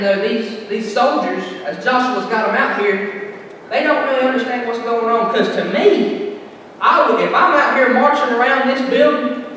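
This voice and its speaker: A man's voice: high-pitched, a bit bright. A young man preaching a sermon in a church, folksy and joking, telling stories about his family. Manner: folksy, joking, Southern turns of phrase. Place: church sanctuary. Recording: echoey hall from far off, faint noise.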